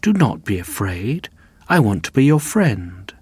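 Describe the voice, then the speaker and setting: A man reading aloud as a lonely, bitter male creature who blames his maker, in a slow, plain storybook voice. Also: fairly low pitch, sing-song, a little mellow, husky, no echo, exaggerated voice. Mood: soft. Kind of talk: reading a graded reader aloud.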